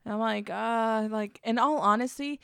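Young woman, gravelly voice, blunt sardonic casual chat, dry sound. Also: a little high, moderate pace, fairly bright tone, dry recording. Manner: blunt, sardonic, swears freely.

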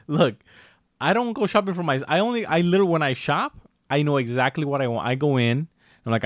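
A man co-hosting a podcast, telling stories in a rambling, animated way with lots of fillers. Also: fairly high pitch, brisk, no room sound, clean studio sound. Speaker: podcast co-host. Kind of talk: casual chat.

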